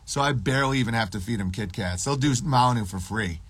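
A man streaming, ranting in a profane, sarcastic way with deadpan absurd riffs. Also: medium pitch, quick pace, breathy edge.

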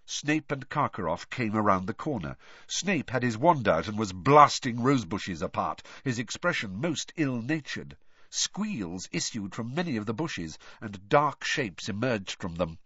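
A male audiobook narrator with a lively, rising-and-falling delivery that gives each scene shape. His voice sits in a middle range, and the recording is dry and slightly dull, with no room sound. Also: fairly low pitch, a little slow, breathy edge, no echo. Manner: expressive, varied storytelling delivery.

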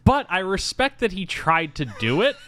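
A man's voice: sits high, sing-song, normal speed, sharp tone. A man co-hosting a casual podcast chat and animatedly recounting trivia. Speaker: podcast co-host.

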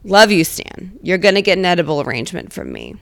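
A woman's voice: lowish voice, wildly swooping pitch, fast talker, creaky, a bit bright, dry recording. A woman hosting a podcast from her car with a handheld microphone, a little under the weather and nasal, rambling sarcastically and swearing freely. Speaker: podcast host. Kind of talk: casual comedic monologue. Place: inside her car, driving.

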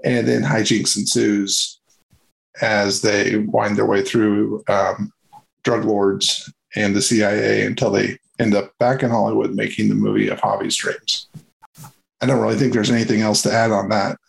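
A man's voice: on the low side, creaky, low-quality recording. A man hosting a casual movie review chat, rambling and hesitant with many fillers and restarts.

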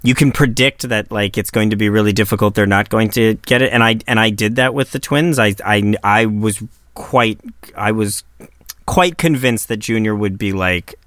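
A man's voice: lowish voice, normal speed, a bit bright, no room sound, studio quality. A man co-hosting a casual parenting chat, thinking aloud with many restarts and fillers. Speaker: podcast co-host and father of twins.

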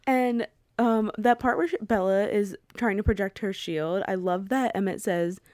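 A young woman co-hosting a podcast in casual chat, chatty and quick to laugh, with playful quoted asides. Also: mid-range voice, darkish tone, dry recording, studio quality. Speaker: podcast co-host.

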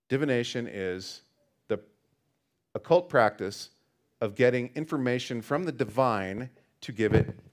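Casual man teaching a Bible study. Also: fairly low pitch. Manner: conversational, reads scripture then explains it with asides.

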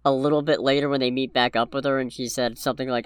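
A man's voice: mid-range voice, level tone, quick pace, smooth, no room sound. A man co-hosting a podcast, talking casually about a film and reacting with short remarks. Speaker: podcast co-host. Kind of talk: casual movie review chat.

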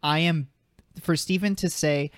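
A man's voice: fairly high pitch, steady tone, measured pace, dry recording, clean studio sound. A man in his twenties co-hosting a podcast in casual chat, rambling with lots of fillers and side tracks. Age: 20s. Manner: rambling, filler-heavy and sidetracked. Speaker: podcast co-host.

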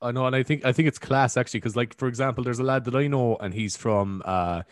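A man's voice: medium pitch, fairly even intonation, quick pace, dry recording, studio quality. A man with a Cork Irish accent, a podcast guest chatting in an easygoing, enthusiastic way with lots of fillers. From Ireland. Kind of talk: casual chat.

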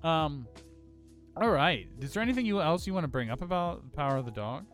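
Man, casual film chat, slightly high voice, very lively delivery, faint music behind. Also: a little fast. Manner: animated, swears freely, acts out scenes in high voices. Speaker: podcast co-host.

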